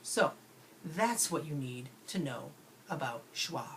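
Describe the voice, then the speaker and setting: A woman teaching children a spelling lesson, slowly stretching out and overpronouncing each sound. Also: sits low, animated, fairly bright tone. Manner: slow, exaggerated enunciation of sounds. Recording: faint background noise.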